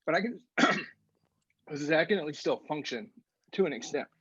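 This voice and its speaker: A man co-hosting a casual podcast chat, halting and laughing, his throat burning and rough from eating a very hot chip. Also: fairly high pitch, lively intonation, fairly bright tone, no room sound. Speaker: podcast co-host, pastor. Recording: dull, dry lo-fi sound.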